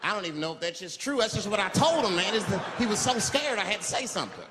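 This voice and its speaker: A male stand-up comedian telling a profane story in an animated way, acting out the people in it, recorded live with audience laughter. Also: high voice, quick pace, background noise. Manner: profane, animated, acts out characters. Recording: live in a reverberant hall with crowd laughter.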